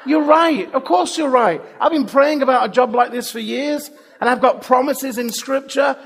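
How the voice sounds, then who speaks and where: Man voicing a high, gushing young woman, eager and repetitive; mimicked in a sermon story. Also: normal speed, slight background noise, close to an everyday voice. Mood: elated. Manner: eager, repeats herself, gushing. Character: anxious young woman, new job, turning elated.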